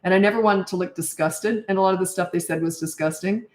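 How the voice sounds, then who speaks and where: Older lady coach doing a live q&a, kinda low voice, just says what she thinks, roomy echo. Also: fast, a little mellow. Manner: frank, chatty, thinks aloud. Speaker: parenting coach. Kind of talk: live Q&A, answering viewer questions.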